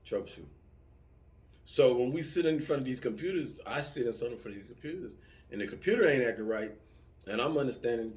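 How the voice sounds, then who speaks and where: A middle-aged man talking casually, telling lively stories with profanity and acting out yelling soldiers. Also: medium pitch, fairly quick. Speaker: vlogger answering subscriber comments. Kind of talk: casual chat.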